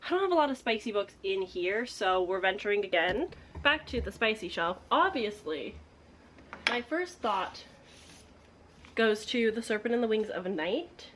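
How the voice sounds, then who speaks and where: A young woman chatting casually as a book vlogger, excitable and laughing often, a little out of breath. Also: medium pitch, normal speed, slight background noise. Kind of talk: casual vlog chat.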